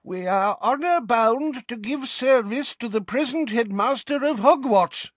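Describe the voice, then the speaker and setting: A man voicing a frail, indignant old male wizard who scolds in a shrill way. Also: lively intonation, a little slow, dry recording, exaggerated voice.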